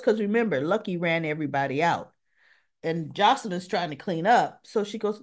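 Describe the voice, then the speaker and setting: A woman with a medium-pitched, lively voice speaks at a normal pace as she casually recaps a soap opera episode for her vlog. She's chatty and mutters to herself while hunting through her files.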